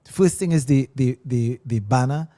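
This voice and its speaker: A man's voice: mid-range voice, moderate pace, dark tone. A man, a guest singer telling stories in casual chat, breaking into sung hooks and acted voices. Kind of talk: casual storytelling.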